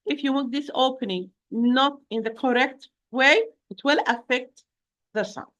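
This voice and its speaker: Patient woman teaching recitation, slightly high voice, shows sounds slowly and repeats them. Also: a bit bright. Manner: patient, repeats and checks with "okay?". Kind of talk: online lesson.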